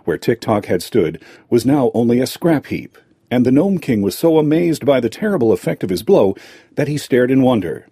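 A man narrating a fairy tale aloud in a lively storytelling manner. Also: medium pitch, moderate pace, husky, no echo, clean studio sound.

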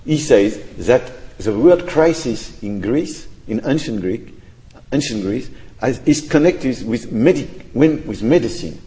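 A man's voice: medium pitch, lively intonation, measured pace, mellow. A man answers an audience question in academic English, thoughtful and hesitant, hedging and restarting as he goes. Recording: echoey lecture hall.

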